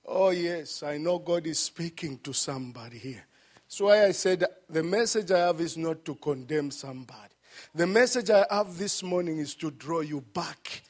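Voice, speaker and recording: At normal speed, a man preaches a sermon, swinging between shouted peaks and hushed, low passages. He repeats phrases for emphasis.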